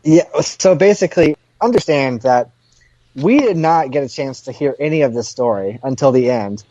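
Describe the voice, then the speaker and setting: A man's voice: medium pitch, lively intonation, moderate pace, mellow, dry recording. A man talking as a podcast guest, explaining a story step by step in casual chat. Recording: dull lo-fi dry sound.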